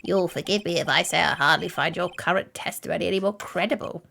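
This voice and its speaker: A woman's voice: lowish voice, fast talker, gravelly, a bit bright, a little hiss or hum, voice pushed down. A woman doing a dry, skeptical old male judge. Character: stern older male judge.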